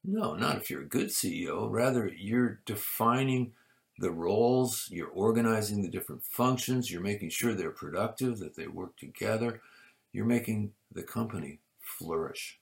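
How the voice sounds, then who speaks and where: Low gravelly guy giving a sermon, slow careful build then loud emphatic bits. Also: lively intonation. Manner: measured preaching with emphatic rises and soft drops. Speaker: pastor.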